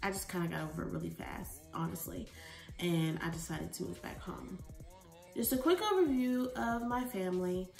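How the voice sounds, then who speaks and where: A woman in her twenties, a vlogger from the United States, talking in a rambling, expressive casual chat that swings between soft and loud. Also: lowish voice, moderate pace, gravelly, distant mic. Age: 20s. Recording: roomy echo, from the mic, faint music.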